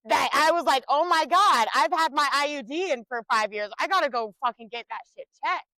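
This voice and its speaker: A young woman co-hosts a podcast, telling rowdy family stories with plenty of swearing. Her voice sits high and bright. The sound is dry and close, with no room around it. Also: lively intonation, normal speed, dry recording, poor audio. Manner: profane, loud storyteller. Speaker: podcast co-host. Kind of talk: casual chat.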